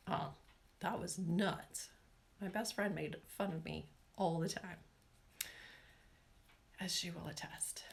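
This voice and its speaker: Her low, gravelly voice moves slowly and steadily, with frequent pauses. The Washington state native is hosting an easygoing nail-care stream, rambling on, tossing out plenty of "y'all," and reading viewer names and questions aloud.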